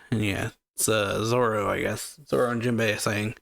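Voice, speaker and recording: A man's voice: lowish voice, steady tone, normal speed, vocal fry, a bit bright, dry recording. A man casually recapping a manga chapter as a reaction channel host, rambling with many fillers.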